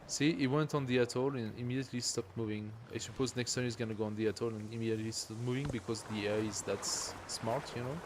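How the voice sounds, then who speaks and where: Man thinking aloud over steady noise. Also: mid-range voice, fast talker, hardly any pauses. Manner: thinks aloud, reads game text, chuckles at it. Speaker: streamer playing a strategy game. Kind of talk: casual live gameplay commentary.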